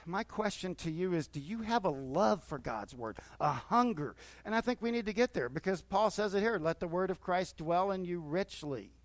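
A man's voice: high voice, animated, normal speed, few pauses, dry recording. A middle-aged male pastor preaching conversationally, with repeated surges of enthusiasm. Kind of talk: sermon.

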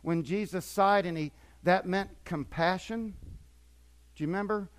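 An older man preaching a sermon as pastor, swinging between quiet asides and emphatic, repetitive points. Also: high-pitched, measured pace.

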